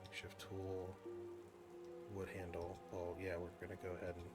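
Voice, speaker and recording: A man's voice: low voice, completely flat delivery, normal speed, over loud music. A man giving chatty gameplay commentary, thinking aloud and poking fun at himself. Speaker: gaming video host.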